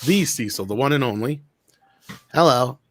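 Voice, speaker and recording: A man's voice: medium pitch, expressive, normal speed. A man co-hosting a livestream, making joking, announcer-style introductions over a video call. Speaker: co-host and editor. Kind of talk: casual livestream chat.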